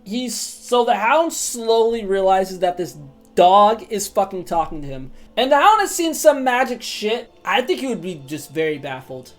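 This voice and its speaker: A woman's voice: mid-range voice, sing-song, normal speed, faint music behind. A woman streamer giving casual, profane commentary while roleplaying a video game. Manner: chatty, swears freely.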